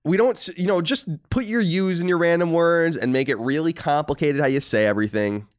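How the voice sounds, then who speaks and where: A man's voice: a little high, fairly quick, no room sound, clean studio sound. An American man co-hosting a casual podcast, reading listener letters and teasing his audience in an upbeat, joking way. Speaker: podcast co-host.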